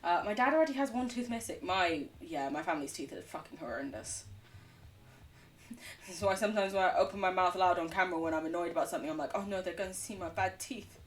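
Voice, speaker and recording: An English woman chatting casually while streaming a game, animated, laughing often and swearing freely. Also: lowish voice, fast talker, distant mic. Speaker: livestreamer. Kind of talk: casual chat while gaming.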